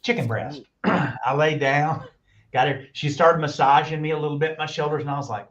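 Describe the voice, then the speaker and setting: A man telling long, animated stories in casual chat and acting out the quoted voices, recorded with muffled audio. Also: on the high side, normal speed. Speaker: guest on a talk stream. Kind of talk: casual storytelling.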